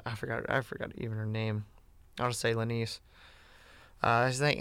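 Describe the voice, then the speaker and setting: A man's voice: medium pitch, fast talker, fairly bright tone, smooth, dry recording. A man talking casually and bluntly in a rambling way, with lots of "you know" and "like". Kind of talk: casual chat.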